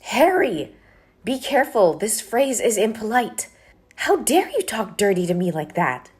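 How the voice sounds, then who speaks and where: An actress playing a young office worker who firmly and politely pushes back against a colleague. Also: female voice, fairly low pitch, expressive, moderate pace, a little mellow, soft background music. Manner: firm, exasperated, polite refusals. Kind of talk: scripted dialogue drama.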